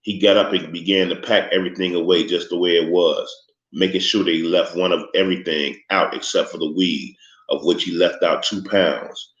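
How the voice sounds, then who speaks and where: A man reading a novel aloud in steady, measured scripted narration. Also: deep voice. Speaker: audiobook narrator. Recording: echoey, slightly muffled room recording.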